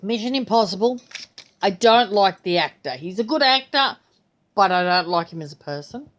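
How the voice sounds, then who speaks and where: A woman's voice: on the low side, animated, normal speed, fairly bright tone. An older grandmother, chatting casually in her vlog, rambling and slipping into playful voices when she retells things. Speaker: vlogger. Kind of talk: casual chat.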